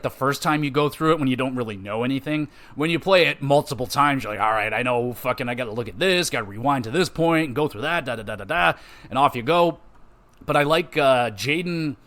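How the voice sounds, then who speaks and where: A man hosting a gaming podcast, recapping a game in a loose, profane, rambling way and briefly acting out characters' lines. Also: fairly high pitch. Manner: profane, rambling, animated retelling with quick impressions. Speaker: podcast host. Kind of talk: casual game podcast monologue.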